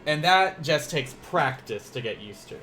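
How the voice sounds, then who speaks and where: A man's voice: a little high, lively intonation, moderate pace, bright, forceful tone, soft background music. A man teaching a casual online language lesson, counting strokes aloud as he writes and joking at his own expense. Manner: chatty, self-deprecating, laughs often.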